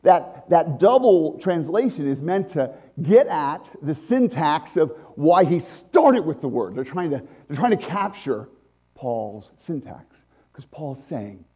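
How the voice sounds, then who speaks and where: Male pastor, conversational sermon, mellow tone, lively pitch that rises and falls. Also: a little slow, husky. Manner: conversational, lively preaching with restarts and asides.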